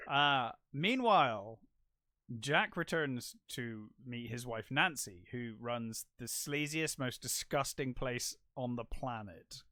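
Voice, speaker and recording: A man's voice: medium pitch, expressive, slow, pushed and bright, no room sound, studio quality. A man co-hosting a casual film podcast, chatting and quoting scenes. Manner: chatty, quotes film lines in his own voice. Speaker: podcast co-host.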